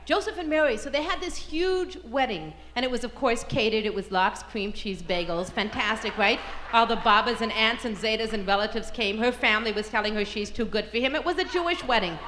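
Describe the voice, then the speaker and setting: A woman's voice: on the high side, fairly quick, hardly any pauses, fairly bright tone. A woman stand-up comedian telling an irreverent story on stage, with brash, punchy delivery. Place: stage before a live audience. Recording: live comedy-club recording with crowd noise.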